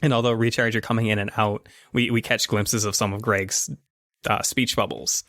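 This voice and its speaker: A man narrating and running a tabletop role-playing game as game master, in a chatty, relaxed way. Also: on the low side, moderate pace, dry recording.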